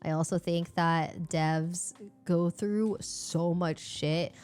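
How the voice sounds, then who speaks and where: A young woman streamer chatting casually, animated and expressive, laughing and swearing freely. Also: fairly low pitch, takes it slowly, smooth, faint music behind. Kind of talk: casual live-stream chat.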